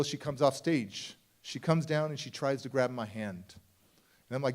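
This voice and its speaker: A middle-aged man giving a motivational keynote at a youth summit, telling his life story in a lively way and acting out his younger self. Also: medium pitch, normal speed. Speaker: motivational speaker. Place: conference stage before a live audience.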